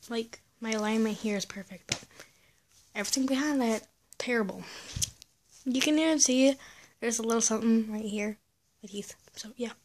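A woman's voice: on the high side, darkish tone. A girl of middle-school age vlogging casually to the camera, rambling and self-deprecating with many fillers. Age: teens.

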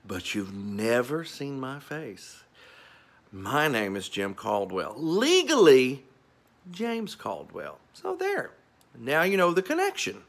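A man's voice: medium pitch, pushed and bright. A television meteorologist with a Southern drawl gives a folksy, joking video message from his home garage.

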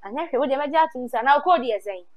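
A Ghanaian woman interviewing contestants for a talent show. She repeats their answers back in a lively way and mixes English into her talk. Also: high-pitched, very fast, muffled recording.

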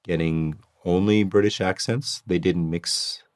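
A man's voice: deep voice, fairly even intonation, a little slow, darkish tone. A man hosting a podcast, casually interviewing two test takers and affirming their answers with short prompts.

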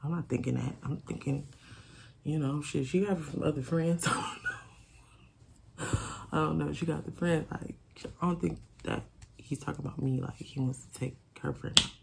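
Gravelly-voiced woman spilling a storytime vlog, cussing, repeats herself a lot, faint hiss behind. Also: low voice, normal speed, pauses often. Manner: candid, swearing, repeats herself, quotes friends dramatically.

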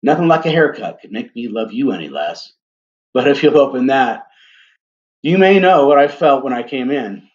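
A man voicing a quiet young husband in a storybook reading, speaking plainly and earnestly. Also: medium pitch, animated, moderate pace, muffled recording, close to an everyday voice. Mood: tender.

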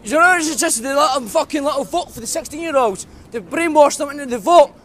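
A man shouting and swearing as he argues with street campaigners, recorded outdoors on a city street on a hand-held phone. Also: very high voice, expressive, fast. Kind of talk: heated street argument. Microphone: phone camera held by the speaker.

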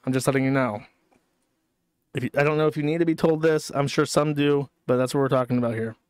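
Smooth-voiced man in a sardonic commentary stream. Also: mid-range voice, steady tone, quick pace, darkish tone, no room sound, clean studio sound. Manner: casual, profane, sardonic. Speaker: streamer host.

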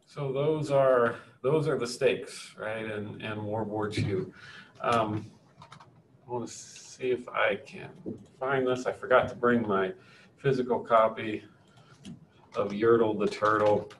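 A man's voice: fairly low pitch, fairly even intonation, slow pace, a little hiss or hum. A man teaching a history lecture in a conversational way, often checking in with "right?". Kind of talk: classroom lecture. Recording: distant echoey room with faint ambience.

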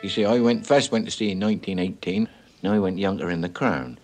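An older man's low voice recalls his years at sea in an archive interview. He talks plainly and ruefully, as if across a kitchen table. Faint music sits behind him. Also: a little fast, a little mellow. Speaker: retired herring fisherman interviewee.

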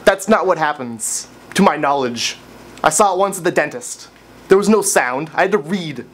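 A man's voice: on the high side, expressive, normal speed, fairly bright tone. A young man hosting a comedic dare vlog and making goofy, wry asides. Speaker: host of a dare show.

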